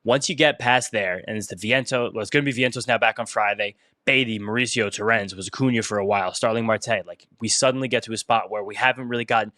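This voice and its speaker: A young man, co-hosting a podcast and talking fast through baseball stats. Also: fairly low pitch, bright, forceful tone, no room sound, studio quality. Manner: fast, analytical, stat-heavy. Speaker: podcast co-host. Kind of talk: casual sports talk.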